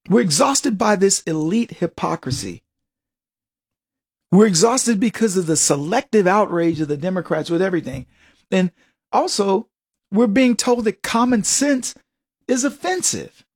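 A man's voice: sits high, slightly rough. A man hosting a radio talk show, delivering an emphatic, mocking political monologue and chuckling at his own jokes.

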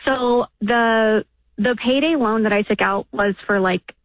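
A woman in her thirties calling a radio show, hesitant and halting, close to tears. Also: on the high side, dry recording. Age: 30s. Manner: hesitant, halting, many fillers. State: emotional, near tears. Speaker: caller. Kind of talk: phone call to radio show. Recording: tinny phone line.

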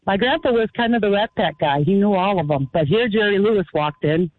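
A man calling in to a radio show, telling a story in an earnest, halting way. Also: sits high, expressive. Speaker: caller. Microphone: phone line. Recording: tinny phone line.

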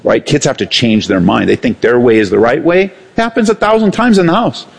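A man preaching a sermon as pastor, animated, swinging between raised and hushed delivery. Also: medium pitch, a little fast, creaky, husky.

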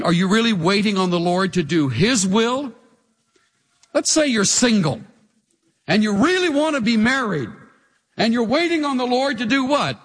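A male pastor preaching with a high, lively voice that rises and falls constantly. He talks straight at the congregation and keeps throwing rhetorical questions at them. A long reverb trails each phrase. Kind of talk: sermon.

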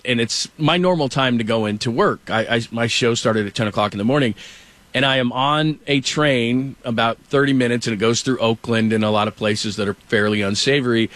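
A middle-aged man talking sports on a show, in an easy, rambling style and at a middle pitch. He acts out what others said as he tells his stories. The room sounds close and dry. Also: a little fast, a bit bright, no room sound. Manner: rambling storyteller, acts out quotes. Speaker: sports radio host. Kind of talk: casual sports talk.

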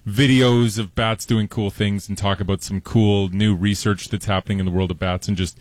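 A man's voice: on the low side, fairly even intonation, normal speed, no echo. A man talking as a science guest on a radio show, chatty and rambling with fillers. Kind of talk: casual radio interview.

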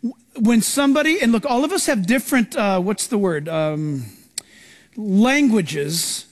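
Here a pastor's high, expressive voice moves at a measured pace through a live sermon, echoing in a reverberant hall. His storytelling is animated, and he voices the characters himself.

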